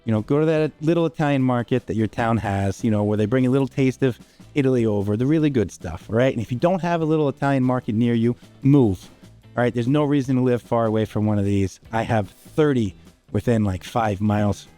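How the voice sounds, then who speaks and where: A man's voice: mid-range voice, a little fast, dark tone. Man, cooking host, casual and chatty, home kitchen, faint music underneath. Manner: chatty, informal, with frequent "all right?" asides.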